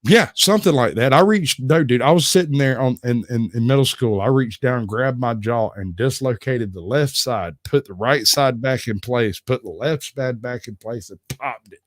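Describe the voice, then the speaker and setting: A man's voice: medium pitch, moderate pace, few pauses. A man chats on a livestream, spinning long rambling stories and breaking into giggles. His voice sits mid-range, and the sound is dry and close with little room echo. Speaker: livestream host. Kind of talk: casual storytelling chat.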